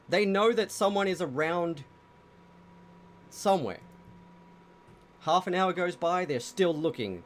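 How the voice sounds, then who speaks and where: A man's voice: fairly high pitch, lively intonation, measured pace, long pauses, fairly bright tone. Casual man running a tabletop game. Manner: casual, swearing, dramatic scene-setting. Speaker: game master. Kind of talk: narrating a tabletop game show.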